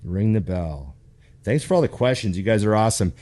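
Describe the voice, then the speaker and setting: A man's voice: fairly low pitch, a little fast, dry recording. A man hosting a casual podcast, telling stories with lots of swearing and animation. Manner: animated storyteller, swears freely. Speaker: podcast host.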